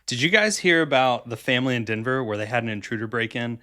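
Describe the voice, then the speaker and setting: A man co-hosting a podcast, telling a story in casual, animated chat with quick asides and restarts. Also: medium pitch. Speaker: podcast co-host.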